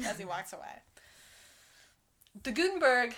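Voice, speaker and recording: A woman's voice: a little high, sing-song, slow, pauses often, crowd noise. Laid-back young woman recapping a film. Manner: laid-back retelling, swears freely. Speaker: podcast co-host. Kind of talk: casual chat recapping a film.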